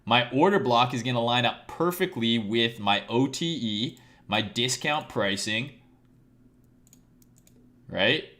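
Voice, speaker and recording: A man's voice: medium pitch, lively intonation, slow, pauses often, fairly bright tone. Male trading streamer, casual and profane, teaches by quizzing his live audience. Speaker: trading educator. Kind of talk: live-streamed chart lesson.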